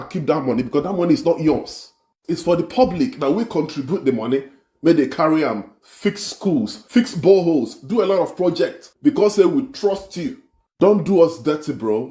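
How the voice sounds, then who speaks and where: Nigerian guy ranting and scolding, kinda high voice, roomy echo all over. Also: darkish tone. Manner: mocking, scolding, boastful, mixing Pidgin in. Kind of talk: defiant social media rant.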